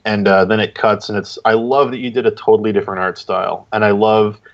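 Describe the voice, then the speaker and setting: A man's voice: lowish voice, level tone, fast talker, highs cut off. A man as a guest judge giving casual art critiques on a live stream, piling on emphatic praise with repeated "really, really.".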